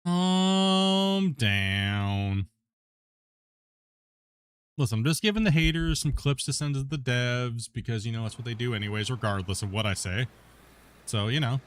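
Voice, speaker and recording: A man's voice: medium pitch, brisk, no echo. A man streaming a game, chatting casually and rambling, often laughing and swearing, always tacking on "you know" and "right?". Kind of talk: casual gameplay chat.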